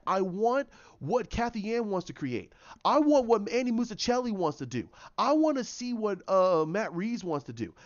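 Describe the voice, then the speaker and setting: A man's voice: very high voice, highs cut off. A man giving an impassioned, opinionated solo commentary, often repeating himself and restarting phrases as he argues his point. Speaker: YouTube commentator.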